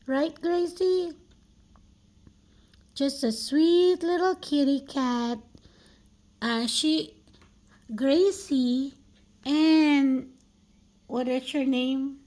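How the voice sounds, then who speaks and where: High-pitched woman in slow baby talk. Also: a little mellow. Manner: high, sing-song baby talk with slow drawn-out phrases. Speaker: cat vlogger. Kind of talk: gentle baby talk to pet cats.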